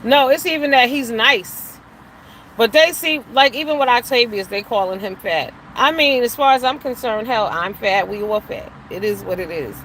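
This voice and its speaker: A woman's voice: a little high, moderate pace, fairly bright tone, slight background noise, rough recording. A middle-aged woman hosting a show, giving blunt, profane, emphatic commentary with preachy asides. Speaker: show host. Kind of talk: opinionated casual commentary.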